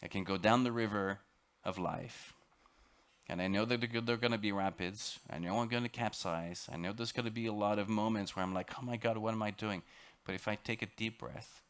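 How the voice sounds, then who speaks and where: A man with a French accent giving a dramatic, emphatic storytelling lecture aboard a ship, sometimes halting and repeating words. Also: on the low side, fairly even intonation, clear, resonant tone. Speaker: expedition lecturer.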